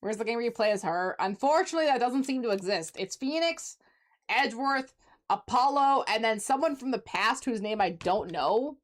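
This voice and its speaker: A young woman chatting excitedly while streaming a game, over game music. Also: on the high side, normal speed. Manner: chatty and excitable, reacts aloud. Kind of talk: casual gameplay commentary. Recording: game music playing under the voice.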